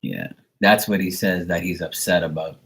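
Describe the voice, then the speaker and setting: Low husky man giving a rambling reading. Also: animated, moderate pace, a bit bright, poor audio. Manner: rambling, filler-heavy, casual swearing. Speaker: psychic reader. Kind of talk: live psychic reading.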